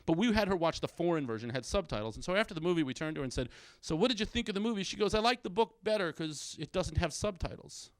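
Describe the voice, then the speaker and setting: Self-deprecating man doing stand-up with a lively voice. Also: no echo. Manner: self-deprecating, quick punchlines, acts out his kids in a higher voice. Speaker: stand-up comedian. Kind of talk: stand-up comedy set. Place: small comedy stage with a live audience.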